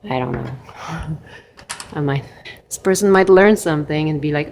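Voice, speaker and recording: A woman's voice: low-pitched, a little slow, vocal fry, a little mellow, a little hiss or hum. A woman vlogging from a hostel in a chatty, rambling way with laughing asides, while she is sick. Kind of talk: casual vlog chat. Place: hostel kitchen and common room.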